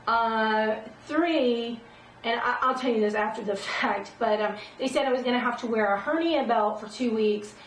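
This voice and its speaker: A woman's voice: a little high, moderate pace, slight background noise. A middle-aged woman vlogging casually about her own experience, rambling and emphatic, often checking in with "okay?". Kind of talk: casual personal talk to camera. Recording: roomy echo, distant from the mic.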